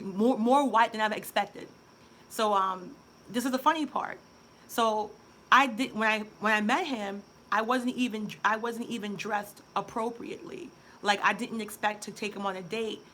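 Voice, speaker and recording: A woman's voice: on the high side, bright, forceful tone, a little hiss or hum. A woman, chatting candidly in a vlog as a relationship coach and telling a dating story. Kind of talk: casual vlog monologue.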